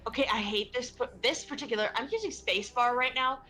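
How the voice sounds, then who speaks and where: A woman's voice: on the high side, fast talker, pushed and bright, soft background music, low-quality recording. A woman playing in a tabletop game, flustered and frustrated at her setup. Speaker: player. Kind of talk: casual tabletop game chat.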